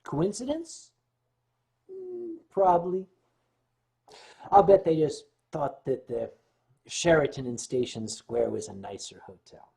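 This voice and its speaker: A man hosting a livestream, telling a long anecdote in a lively way and clearing his throat often between beats. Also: a little high, takes it slowly, pauses often. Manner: animated retelling with shifting loudness. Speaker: livestream host. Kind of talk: anecdotal storytelling.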